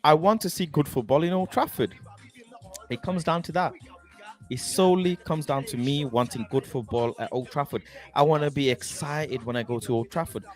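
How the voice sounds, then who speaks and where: Excited man hosting a football livestream. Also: on the high side, moderate pace. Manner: excited, shouting and singing along. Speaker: football channel host. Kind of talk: livestream chat. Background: music playing.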